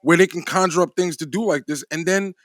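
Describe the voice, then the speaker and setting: A man's voice: a little high, fairly quick, a bit bright, dry recording, clean studio sound. Laid-back man chatting on a podcast. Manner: laid-back, keeps asking "you know what I'm saying". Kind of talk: casual chat.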